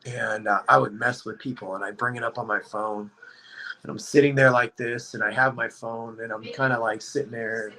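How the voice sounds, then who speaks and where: A man telling a story on a podcast, in a rambling, animated way, leaning hard on "like.". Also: medium pitch, moderate pace, low-quality recording. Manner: rambling, animated, heavy use of "like". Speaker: podcast guest. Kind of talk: casual storytelling chat.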